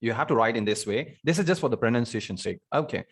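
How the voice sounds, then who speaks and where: Halting man teaching English online. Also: medium pitch, expressive, husky. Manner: halting, many fillers and repeated words. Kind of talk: online spoken English class. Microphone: video call.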